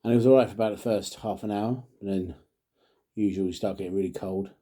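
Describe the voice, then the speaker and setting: A middle-aged man talks casually as he reviews drinks, rambling through jokey asides and muttered half-sentences. His voice sits fairly low, with a mellow, dark tone and a husky edge. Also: fairly even intonation, quick pace. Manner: mutters and trails off. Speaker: father. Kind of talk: casual chat to camera.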